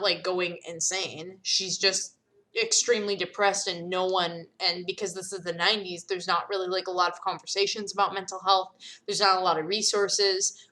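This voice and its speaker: A woman's voice: mid-range voice, bright, forceful tone. Candid young woman game developer. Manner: candid, halting, with fillers and pauses. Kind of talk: casual commentary.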